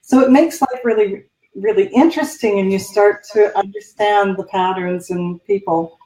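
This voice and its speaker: A woman's voice: medium pitch, moderate pace, mellow. A woman guest coach explaining ideas in a thoughtful, conversational way. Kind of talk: conversational interview. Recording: roomy, distant from the mic.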